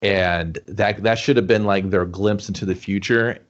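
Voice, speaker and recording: Low-voiced man picking apart a plot. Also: fairly even intonation, moderate pace. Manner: rambling, picks apart plot logic, frequent restarts. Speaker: co-host. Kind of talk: casual movie review chat. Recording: dull lo-fi audio.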